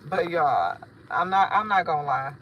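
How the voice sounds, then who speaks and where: A woman's voice: deep voice, expressive, normal speed, a bit bright, highs cut off, slight background noise. A woman, rambling casually and profanely to her livestream viewers as a spiritual shop owner. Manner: rambling, chatty, profane, addresses viewers directly.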